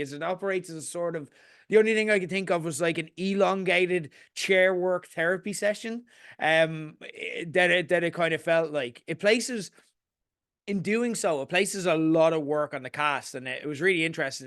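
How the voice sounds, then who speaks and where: A man co-hosts a casual film podcast with a fairly high voice. He laughs readily, then settles into an earnest, thoughtful review. The recording is dry and close. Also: fairly bright tone, dry recording. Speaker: podcast co-host.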